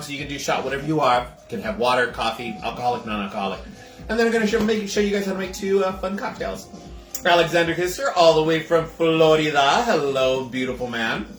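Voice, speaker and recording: A chatty man hosts a home cocktail livestream, talking straight to his viewers and laughing easily. His fairly high voice swings up and down a lot as he goes. The room is echoey, with faint music playing behind him. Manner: chatty, laughs often, greets viewers warmly. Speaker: host of a livestream cocktail show. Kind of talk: casual livestream chat with viewers. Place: home kitchen.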